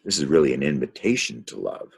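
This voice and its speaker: A man's voice: very deep voice, huge pitch swings, fast talker, gravelly, husky, dry recording. A man leading a study group, reading a text and commenting on it in a rambling manner, thinking aloud.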